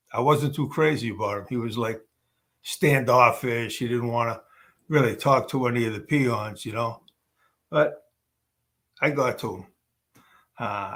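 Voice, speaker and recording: A man's voice: mid-range voice, a bit bright. A man, an actor, telling casual anecdotes on a webcam call, rambling with many fillers and restarts. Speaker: actor guest.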